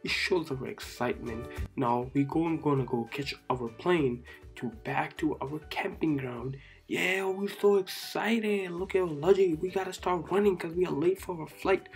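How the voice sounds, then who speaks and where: Gravelly, excitable kids' cartoon narrator. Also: medium pitch, normal speed, soft background music. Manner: excitable, repeats short phrases.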